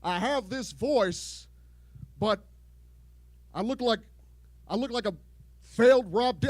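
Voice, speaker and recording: At a home garage show in front of a live crowd, a stand-up comedian with an unusually high, light voice tells crude jokes. He rambles and keeps restarting his sentences with false starts. The recording is close and dry, with almost no room echo.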